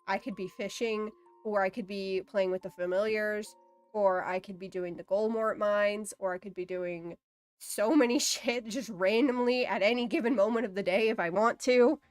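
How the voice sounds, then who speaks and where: A woman's voice: medium pitch, steady tone, moderate pace, no echo, soft background music. A woman livestreaming in casual, rambling chat, swearing easily and saying "like" a lot.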